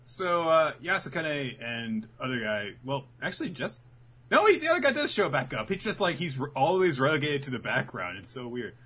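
A man's voice: medium pitch, sing-song, moderate pace, fairly bright tone, husky. A man casually recapping episodes as a podcast co-host, acting out the characters' lines as he tells the story. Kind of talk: casual chat.

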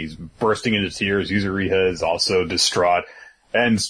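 A man's voice: fairly low pitch, steady tone, moderate pace, fairly bright tone. A man co-hosting a casual podcast, recapping comic chapters in a laid-back way with lots of fillers and the odd chuckle. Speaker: podcast co-host. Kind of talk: casual manga chapter discussion.

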